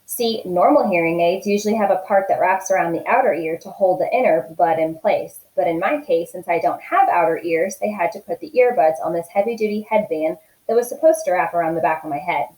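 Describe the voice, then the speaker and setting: A woman teacher reading a novel aloud in an expressive, steady storytelling voice. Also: lowish voice, brisk, hardly any pauses, echoey room, poor audio.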